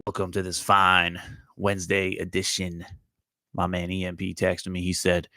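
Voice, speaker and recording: A man's voice: low voice, flat delivery, fairly quick, fairly bright tone, no echo, poor audio. A man hosting his own morning talk show, chatting casually and bluntly with plenty of swearing while out on a walk, and talking straight to his viewers. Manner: blunt, heavy swearing, talks to live chat viewers. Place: outdoors, walking.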